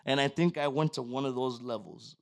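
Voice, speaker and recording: A man's voice: mid-range voice, a little fast, vocal fry. A man telling a long story on a podcast in a loose, profane way, slipping into Spanish. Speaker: podcast guest. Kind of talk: casual storytelling.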